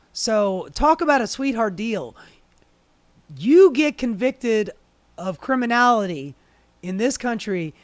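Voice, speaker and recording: Hoarse airy voice, worn out, sarcastic sweary political rant right up on the mic, dead dry sound. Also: medium pitch, no room sound. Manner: sarcastic, profane, animated. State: hoarse, airy and breathy from a strained voice. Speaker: political commentary host. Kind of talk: ranting political commentary. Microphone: leaning close into a microphone.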